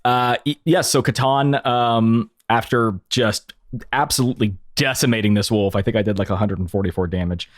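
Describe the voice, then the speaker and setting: A man's voice: medium pitch, moderate pace, dry recording, studio quality. A man playing a tabletop role-playing game, chatting playfully and laughing often. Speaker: player.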